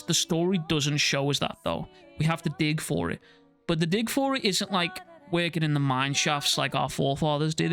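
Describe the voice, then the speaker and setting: A man's voice: a little high, a bit bright. A young man narrating a scripted video game review, with casual, profane asides.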